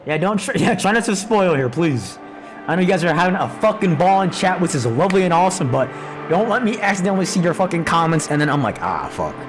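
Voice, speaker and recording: A man streaming a visual novel playthrough live, theorizing aloud in an excitable, profane way. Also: high voice, fast talker, music in the background.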